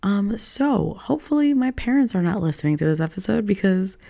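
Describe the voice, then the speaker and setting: Young woman host, sick and hoarse, gravelly and mellow, chatty self-mocking solo podcast talk. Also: medium pitch, lively intonation, brisk. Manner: chatty, self-mocking, drifts into whispery asides. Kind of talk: casual solo podcast chat.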